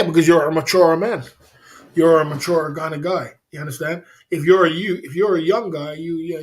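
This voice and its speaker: A man hosting a casual livestream, rambling and laughing a lot, with plenty of slang. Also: on the high side. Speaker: livestream host.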